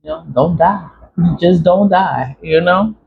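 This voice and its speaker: In a slow, creaky, medium-pitched voice, a spiritual vlogger rambles through a casual monologue, speaking emphatically, repeating phrases, and swearing freely. The recording is dull and lo-fi with faint noise.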